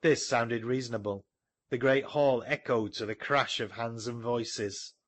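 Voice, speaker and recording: A man's voice: mid-range voice, no room sound. Man narrating an audiobook, dry sound. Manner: measured storytelling. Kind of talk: scripted narration.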